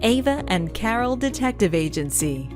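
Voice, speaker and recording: A woman narrating a children's mystery audiobook in an expressive storytelling manner. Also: on the high side, moderate pace, music in the background. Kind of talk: scripted narration.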